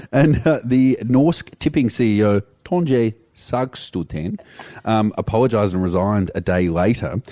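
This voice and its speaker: A man's voice: lowish voice, unhurried, dark tone. A man hosting a casual radio show, joking and rambling through stories. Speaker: radio host. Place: outdoor broadcast on a beach.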